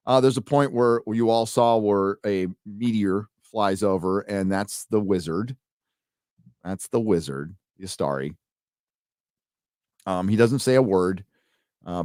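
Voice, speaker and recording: A man's voice: mid-range voice, a little mellow, no echo, clean studio sound. A man reviewing a TV show in a casual live commentary, blunt and sarcastic, full of fillers and restarts. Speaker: video reviewer.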